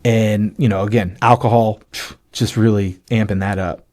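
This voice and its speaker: A man's voice: lowish voice, fairly even intonation, moderate pace, a little mellow. A man, a podcast guest, telling a personal testimony in an emotional storytelling way, full of fillers and acted-out bits of dialogue. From United States.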